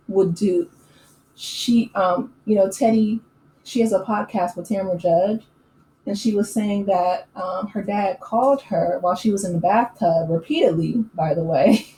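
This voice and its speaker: A woman hosting a casual recap channel, chatting in an opinionated way with lots of fillers and quick laughs. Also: medium pitch, mellow. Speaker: YouTube recap host. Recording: echoey room with faint ambient noise.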